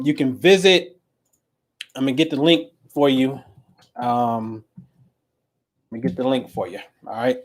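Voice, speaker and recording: A middle-aged man hosting a livestream as an astrology coach, talking in a slangy, emphatic way and repeating himself for stress. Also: mid-range voice. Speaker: astrology coach and show host. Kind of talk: casual livestream talk.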